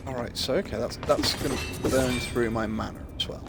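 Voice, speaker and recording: This is a man commentating live over a video game stream, his talk playful and rambling and broken up by frequent laughs. Game music plays clearly behind his voice. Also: mid-range voice, fairly quick.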